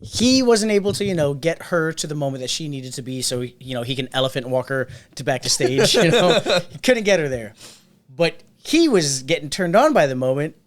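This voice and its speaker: A man's voice: on the high side, fairly quick. A man co-hosting a podcast, telling a story in casual chat and acting out the people he quotes. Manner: animated, acts out quotes in other voices. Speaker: podcast co-host.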